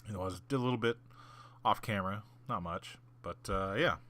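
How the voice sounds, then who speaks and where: A man's voice: lowish voice, fairly quick, sharp tone. A man hosting a gaming channel, telling a long story in a rambling way with many fillers and restarts, and muttering the odd whispered aside. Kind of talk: casual storytelling over gameplay.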